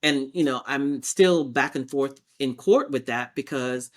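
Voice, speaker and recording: Woman guest on a podcast telling her story, gets animated and acts out what people said. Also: very deep voice, a little slow. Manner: animated, acts out past exchanges in quotes. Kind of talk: personal storytelling in conversation.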